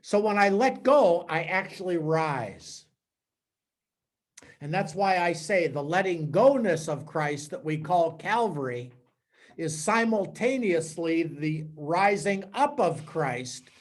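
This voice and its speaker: Male priest, fairly high voice, lively storytelling preacher who stumbles and repeats words. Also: slow. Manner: animated storytelling with acted-out quotes and sound effects; repeats words and restarts mid-sentence. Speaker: priest giving a talk. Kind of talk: spiritual teaching talk.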